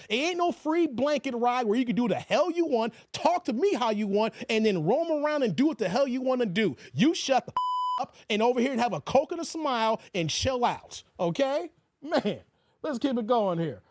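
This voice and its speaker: A man hosting a casual live stream, talking in an animated, joking way and mimicking other voices. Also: very high-pitched, no room sound. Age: 40s. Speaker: YouTube commentary host.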